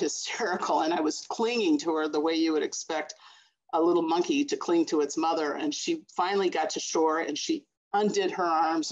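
A woman from the Chicago area telling a personal childhood story over a video call, expressive and acting out voices. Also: sits low, rough recording. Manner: expressive, acts out her mother's voice.

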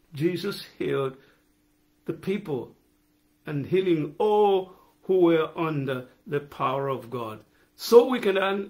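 Slow, high-voiced male preacher. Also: vocal fry. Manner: emphatic, repeats key phrases and asks the congregation questions. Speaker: pastor. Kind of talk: sermon.

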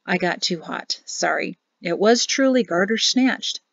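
A woman's voice: medium pitch, animated, measured pace, vocal fry, no echo. Woman doing a young army captain, storybook audiobook, teasing, plain voice, dull lo-fi, dry. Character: young male army captain, brave and joking. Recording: dull lo-fi, dry closet sound.

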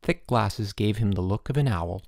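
A man narrating a children's novel as an audiobook in an expressive storytelling manner. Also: lowish voice, normal speed, no echo, clean studio sound. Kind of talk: scripted narration.

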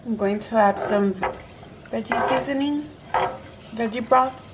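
A woman's voice: a little high, measured pace. A woman vlogger casually talking through each cooking step in her home kitchen. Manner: relaxed, talks through each step as she works. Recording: kitchen noise with clicks and clatter.

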